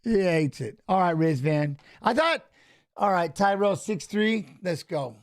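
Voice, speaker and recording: Excitable high-voiced man laughing through chat. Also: unhurried, slight background noise. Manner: laughs a lot, stammers and restarts, excitable coaching shouts. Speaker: watch-along host, former fighter. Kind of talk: casual live watch-along chat and fight commentary.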